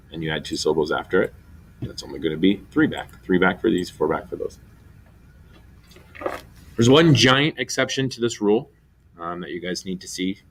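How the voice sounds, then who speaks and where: A man teaching a recorded Spanish grammar lesson, explaining step by step and slowly spelling out syllables. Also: sits low, a little hiss or hum.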